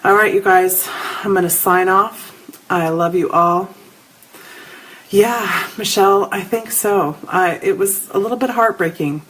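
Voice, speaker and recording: Husky-voiced woman hosting a spiritual show. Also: mid-range voice, measured pace, rough recording. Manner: animated storytelling, addresses viewers by name. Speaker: host of a spiritual live show. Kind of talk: casual spiritual talk to live viewers.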